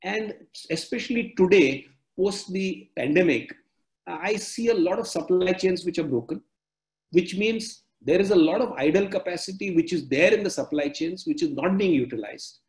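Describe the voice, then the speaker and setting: High-pitched man, measured panelist on a video call, echoey room. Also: expressive, a little mellow. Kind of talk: online panel discussion.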